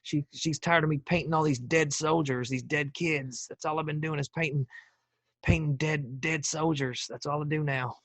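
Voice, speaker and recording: A man doing a halting, mock-solemn impression of a folksy former male president. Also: a little high, steady tone, a bit bright, no echo, voice pushed up.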